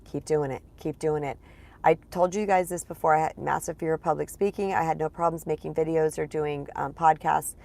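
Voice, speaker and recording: A woman's voice: low voice, fairly even intonation, brisk, vocal fry, a little mellow. A woman speaking as a spiritual empowerment coach in a casual vlog monologue. She is chatty, repeats words for emphasis and talks to her viewers as "you guys.".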